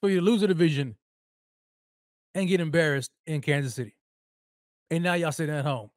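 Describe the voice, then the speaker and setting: Male sports podcast host, high voice, dry close sound, mocking heated rant full of repeats. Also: a little fast, no echo. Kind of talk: solo sports commentary rant.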